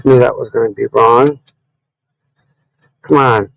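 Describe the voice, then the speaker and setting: Slow-talking man streaming from car. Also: mid-range voice, fairly even intonation, vocal fry, fairly bright tone, no echo, poor audio. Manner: rambling, talks straight to viewers, grumbles at other drivers. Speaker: livestream host. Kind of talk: casual live-stream chat while driving. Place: inside a car.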